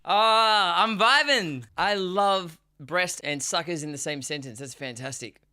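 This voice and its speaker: A tired musician streams a songwriting session, recording a song in his home studio while chatting casually, joking at his own expense and swearing often. His voice is high-pitched and clean, at a measured pace. Loud music from the track being recorded plays in the background.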